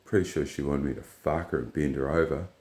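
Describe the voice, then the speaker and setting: A man's voice: very deep voice, a little fast, echoey room. A man telling a rambling, blunt, profane story in casual monologue. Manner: blunt, profane, rambling, retells dialogue in flat quotes. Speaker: vlogger.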